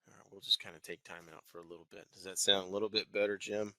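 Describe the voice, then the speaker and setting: A deep-voiced man in his thirties, a Texas wealth manager with a faint twang, hosts a live webinar from an office building. He's a fast talker with a level, bright, forceful tone, conversational yet carefully enunciated, in a rough recording with no echo.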